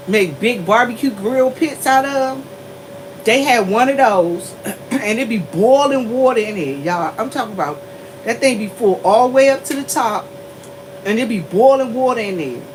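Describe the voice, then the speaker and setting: A woman telling a story to her viewers in a casual, animated way. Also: slight background noise, rough recording. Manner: animated, laughing often, shifts into high squeals. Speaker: vlogger.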